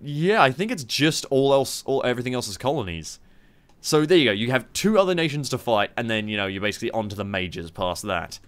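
A man's voice: medium pitch, sing-song, brisk, clean tone. A young man hosting a strategy game playthrough, rambling and swearing with mocking asides. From Australia. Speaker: gaming channel host. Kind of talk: casual strategy game commentary.

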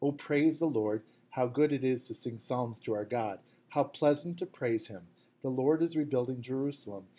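A man's voice: mid-range voice, normal speed, warm tone, natural voice, low-quality recording. A man voicing a young man who reads a psalm aloud in a strong, solemn voice.

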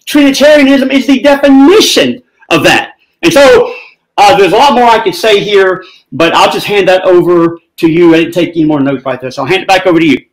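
A man rebutting his opponent in a live debate, indignant and sharp. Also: sits high, expressive, a little fast, rough recording.

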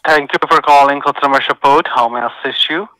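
A man's voice: mid-range voice, fast talker, sharp tone. A man answering the phone as customer support, reciting scripted greetings. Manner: scripted call-center greetings. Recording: phone line.

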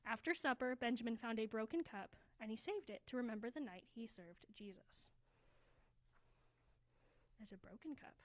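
A woman reading a children's story aloud at a church service, slowing down for emphasis and dropping to a hush. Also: fairly high pitch, rough recording. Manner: expressive, slows down for emphasis, drops to a hushed voice.

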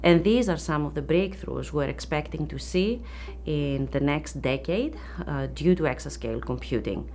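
A woman's voice: sits low, lively intonation, moderate pace, a little mellow. A woman scientist speaking in a documentary interview in an earnest, thoughtful way. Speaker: lab scientist.

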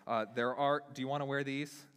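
A young man preaching from a church stage, loose and animated, with his pitch swinging up and down as he acts out the scene. His voice sits in a middle register. It carries the long, hanging reverb of a church sanctuary. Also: fairly quick, smooth. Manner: animated, self-deprecating, talks with lively pitch swings. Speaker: pastor. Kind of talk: sermon with live stage demonstration. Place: church hall.

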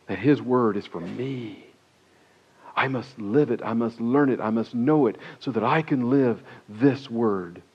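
A male pastor preaching a sermon, emphatic, with swings from loud, high exhortation down to quiet, low prayerful speech. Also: slightly rough, dull audio. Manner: emphatic preaching with wide swings in pitch and loudness.

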